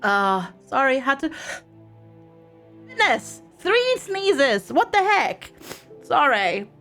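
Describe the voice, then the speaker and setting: A woman's voice: sits high, sing-song, drawn-out words, pushed and bright, faint music behind. A woman streaming a video game, chatting casually with her viewers, giggling, and reading in-game books aloud. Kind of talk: casual gameplay commentary.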